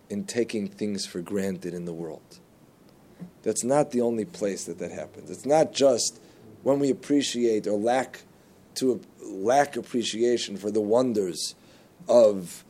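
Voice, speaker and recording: Low, mellow-voiced man teaching Torah. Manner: animated, pitch jumps on key words. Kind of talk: religious lesson with storytelling.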